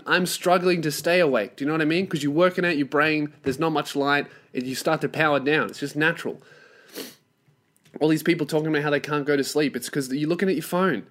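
A man's voice: fairly high pitch, brisk, a bit bright. A young man hosting a solo podcast, ranting with lots of swearing and acting out mocking voices of other people. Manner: profane, ranting, acts out mocking quoted voices. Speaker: podcast host.

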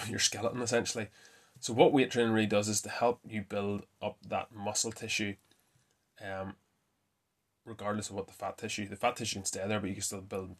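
A man hosting a casual fitness talk, chatty and quick to correct himself with a laugh. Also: lowish voice. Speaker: fitness podcast host. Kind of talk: casual myth-busting talk.

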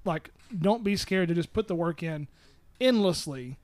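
Young Southern-accented man, higher pitch, rambling storyteller, dry close sound. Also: animated, moderate pace, a little mellow, dry recording. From Southern United States. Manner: rambling, self-correcting storyteller. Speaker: musician guest. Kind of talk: casual interview chat.

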